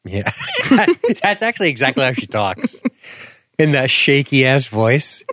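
Man, podcast co-host, sardonic, profane, mid pitch, dry close sound. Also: big pitch swings, a little slow, a bit bright, no room sound. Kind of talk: casual recap chat.

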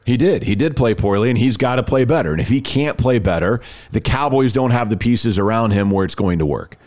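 A man's voice: mid-range voice, brisk. A man co-hosting a sports podcast in casual chat, restarting sentences as he talks, and also reading ads. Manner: animated, repeats words when starting sentences. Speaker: podcast co-host. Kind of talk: casual sports talk and ad reads.

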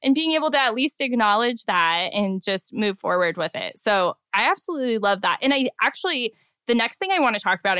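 A woman's voice: medium pitch, clear, resonant tone, no room sound, studio quality. A woman hosting a podcast, chatting casually and affirming her guest with lots of filler words. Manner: warm, affirming, chatty with many "like"s. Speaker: podcast host. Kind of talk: casual interview chat.

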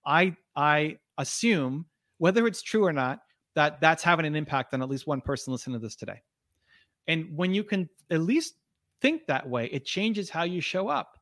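A man's voice: fairly high pitch, lively intonation, normal speed, a bit bright, no echo, studio quality. A man speaking as a podcast guest in an earnest, motivational way, with frequent restarts and fillers. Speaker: podcast guest, video creator. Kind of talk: conversational interview.

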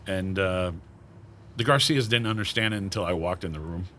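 A man's voice: low-pitched, moderate pace, bright, forceful tone, slight background noise. A man being interviewed, telling casual stories and acting out the voices of people he quotes. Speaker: cigar brand founder, guest.

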